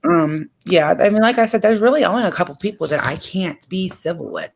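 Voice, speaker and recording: A woman chatting casually in a relaxed, easygoing way. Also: on the low side, fairly quick, creaky, slight background noise. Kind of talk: casual chat.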